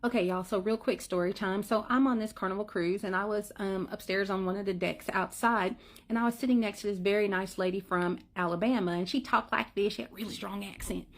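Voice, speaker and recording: A woman telling a funny story to her viewers in a lively, comic way, often calling out to them as "y'all.". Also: mid-range voice, fairly quick. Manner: animated, comic, addresses listeners as "y'all". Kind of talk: casual storytime.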